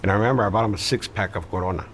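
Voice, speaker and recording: A man's voice: on the low side, very fast, slight background noise. A man telling a story in an interview, blunt and matter-of-fact, with casual swearing and many fillers. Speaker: interview guest recounting his past. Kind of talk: conversational storytelling.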